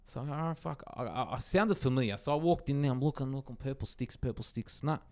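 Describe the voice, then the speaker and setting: An Australian man on a podcast telling a long, rambling anecdote, animated and sweary, with lots of restarts. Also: mid-range voice, fast talker. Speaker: podcast co-host. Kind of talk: casual chat.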